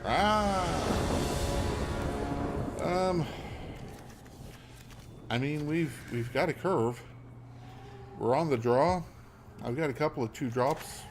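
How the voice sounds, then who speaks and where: A man offers casual commentary while playing a card game, thinking aloud in a hesitant, halting way with frequent ums. His voice is on the high side, and music plays in the background.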